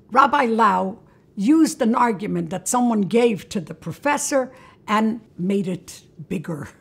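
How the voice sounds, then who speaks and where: A woman's voice: fairly high pitch, vocal fry, slightly rough. A woman hosting a religious talk, telling a story in a conversational way and inviting listeners along. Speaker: host.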